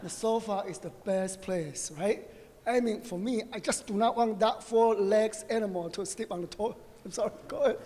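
A man's voice: sits high, moderate pace. Joking man preaching in a hall. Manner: animated and joking, often asks "right?". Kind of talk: conversational sermon to a congregation. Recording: long reverb of a hall.

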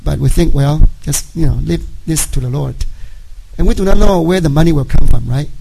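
A middle-aged man, a native Chinese speaker, giving a personal testimony to a congregation in halting speech, often checking in with "right?". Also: a little high, vocal fry, dark tone, slightly rough, poor audio. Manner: halting, frequent "right?" tag questions. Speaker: church member giving a testimony.

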